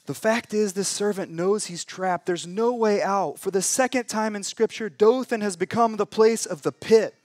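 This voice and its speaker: A man preaching in a church, his voice light and high for a man. He retells scripture like a campfire story, dropping to a hush and then rising loud. The sound is dry and close to the mic. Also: normal speed, few pauses, no echo. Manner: dramatic storytelling with wide swings in pitch and volume; conversational asides and humor. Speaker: pastor. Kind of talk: sermon.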